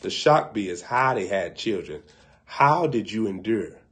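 A man preaching on a live broadcast, telling a funny story in a colloquial way. He laughs at his own jokes and swings between loud bursts and hushed asides. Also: fairly low pitch, lively intonation, measured pace, a little hiss or hum. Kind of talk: humorous sermon storytelling.

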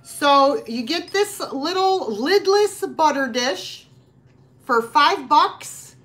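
A woman's voice: high voice, animated, slow pace, fairly bright tone. A woman chatting casually as she hosts a live online sale, laughing easily between items. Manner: chatty, laughs easily, talks with mouth full. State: runny nose. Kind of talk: casual live selling chat.

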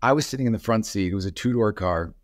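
A man's voice: fairly low pitch, quick pace, no room sound, studio quality. A man in his forties telling a childhood story in a casual, rambling way, full of fillers and restarts.

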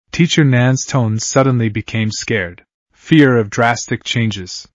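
A man reads a fantasy audiobook aloud in a steady, level manner. His mid-pitched voice sits close and dry, with no room around it. The sound is slightly muffled and dull. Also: slow pace, no room sound. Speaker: audiobook narrator. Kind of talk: reading a translated fantasy novel aloud.

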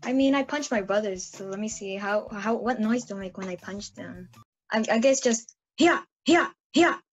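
A young adult woman answering questions as a guest in a casual interview, relaxed and giggly. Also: medium pitch, normal speed, highs cut off.

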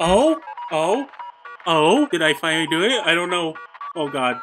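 A man's voice: on the high side, sing-song, moderate pace. A young man playing a rhythm game at home, swearing, ranting and repeating himself when he keeps losing. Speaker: gaming YouTuber. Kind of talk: profane frustrated gameplay commentary. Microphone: desk mic, sometimes moved away. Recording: faint game music behind.

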